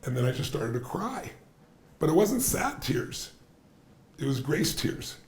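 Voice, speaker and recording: A man as a podcast guest, telling stories in an animated, emphatic way and repeating phrases for effect. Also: on the high side, measured pace. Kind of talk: animated storytelling in conversation. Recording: roomy echo.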